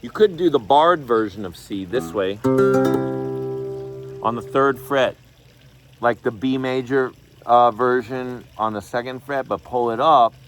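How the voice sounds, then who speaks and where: Over a video call from his home studio, a man teaches an online guitar class in a relaxed, chatty manner, scatting rhythms while explaining chords. His medium-pitched voice is a little slow with long pauses, and loud guitar playing sits under his speech.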